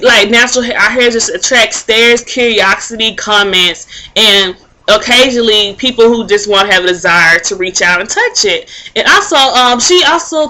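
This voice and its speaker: A woman's voice: on the high side, sharp tone, low-quality recording. A young woman vlogging casually to camera, telling a rambling story full of fillers and restarts. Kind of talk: casual talking-to-camera vlog.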